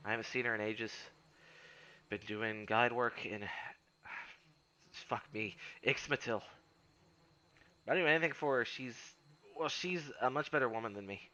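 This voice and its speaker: A wry, restless wilderness guide woman , voiced by a man speaks with a put-on accent that keeps slipping toward Irish. The voice is bright and forceful, read from a role-playing game. The recording sounds dull and lo-fi. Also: mid-range voice, normal speed, pauses often, close to an everyday voice. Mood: earnest.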